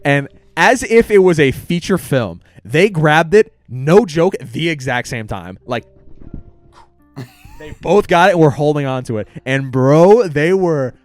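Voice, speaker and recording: A man's voice: on the high side, lively intonation, takes it slowly, no echo, soft background music. A young man co-hosting a podcast, telling a story in casual chat, swearing freely and acting out what people said. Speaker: podcast co-host.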